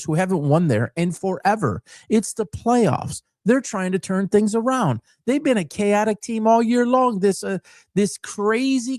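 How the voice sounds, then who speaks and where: A passionate man, once a coach, now hosting his own sports talk commentary, who drives his points home through repetition and stacked phrases. His voice sits a touch high and rides up and down with real animation. The sound is dry and close, with no room around it. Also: darkish tone, dry recording. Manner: emphatic and repetitive, building rhetorical lists; passionate, fired-up. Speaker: former coach.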